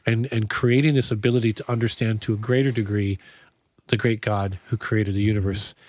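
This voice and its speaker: Earnest pastor hosting a podcast. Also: male voice, lowish voice, level tone, a little fast, a little mellow, dry recording. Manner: earnest, reflective, with frequent restarts. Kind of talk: casual podcast discussion.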